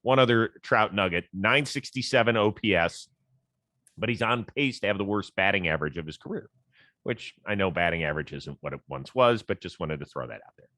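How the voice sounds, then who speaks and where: A man from Ohio hosting a sports talk show, easygoing and quick to laugh in casual chat. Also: lively intonation, pushed and bright, no echo, studio quality. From Cleveland, Ohio. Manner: easygoing, laughs often, trails off low.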